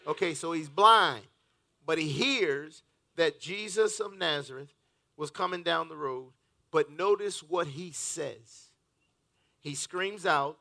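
A man's voice: on the high side, slow pace, gravelly, bright, forceful tone. A man preaching a fervent, rhythmic sermon in church, reading scripture aloud as pastor.

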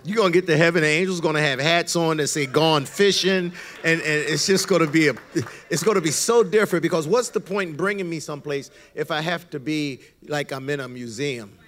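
A male pastor preaching a sermon with comic storytelling, swinging between loud bursts and quiet asides. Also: a little high, brisk. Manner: comic storytelling, acts out quoted voices, swings loud and soft.

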